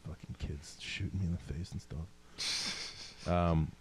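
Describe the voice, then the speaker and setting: A man co-hosting a podcast, chatting casually in animated, self-mocking rants with plenty of swearing. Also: low voice, takes it slowly, slight background noise. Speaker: podcast co-host. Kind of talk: casual chat.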